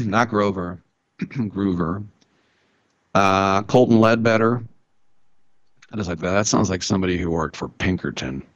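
A man hosting a sports radio show, riffing wryly and clearing his throat often. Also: sits low, normal speed, pauses often, no echo, highs cut off. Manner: joking, wry riffing with frequent throat clearing. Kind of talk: casual sports talk monologue.

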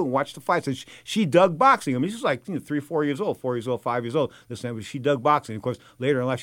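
Fast-talking man spinning rambling stories. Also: medium pitch, dry recording, studio quality. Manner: rambling, repeats "bottom line is", lively asides. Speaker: storyteller. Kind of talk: casual anecdote telling.

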